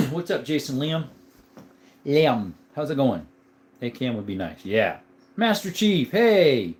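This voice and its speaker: A man's voice: medium pitch, very animated, slow, long pauses. A man hosting a live stream, chatting casually, greeting viewers by name and laughing often. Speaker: livestream host. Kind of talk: casual live chat reading comments.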